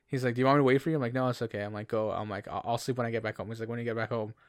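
A man's voice: medium pitch, steady tone, racing, dry recording, clean studio sound. A young man from Canada, co-hosting a podcast in casual chat, rambling through stories with many restarts. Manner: rambling storyteller, many restarts, laughs often. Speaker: podcast co-host.

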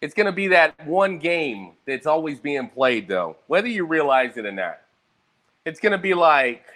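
A young man in a loose, profane ramble, tired and a bit hungover. His voice sits somewhat high and swings widely as he tells his stories. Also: moderate pace. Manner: profane, rambling, animated storytelling. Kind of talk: casual rambling monologue.

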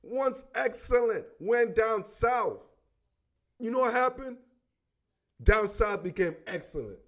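A man hosting a casual sports commentary show, talking in an animated, slangy way and repeating catchphrases. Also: very high-pitched.

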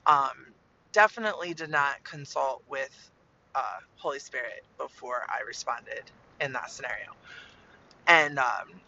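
Gravelly, bright-voiced chatty woman. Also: rumbling low, unhurried, muffled recording, a little hiss or hum. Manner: earnest, chatty, heavy use of "like". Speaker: mother sharing her faith. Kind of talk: casual faith testimony.

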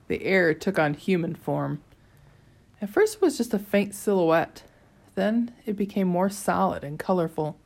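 A woman's voice: lowish voice, animated, unhurried, creaky, a little mellow. A woman reading an audiobook chapter aloud, telling it in the first person with a dry, wry tone. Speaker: audiobook narrator. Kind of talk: scripted narration.

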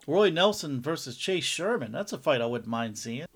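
A man's voice: on the high side, animated, normal speed, husky. A man co-hosting a casual podcast, dropping in short, dry remarks. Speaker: podcast co-host. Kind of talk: casual chat.

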